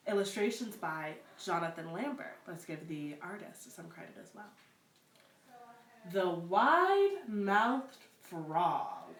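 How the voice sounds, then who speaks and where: Expressive woman reading aloud to children. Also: on the low side, far from the mic. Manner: expressive, encouraging. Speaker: story time reader. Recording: roomy echo, away from the mic.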